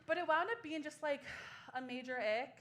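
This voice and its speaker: A woman's voice: sits high, moderate pace, fairly bright tone, slight background noise. A woman in her twenties doing a sardonic, self-mocking stand-up comedy set on a small club stage.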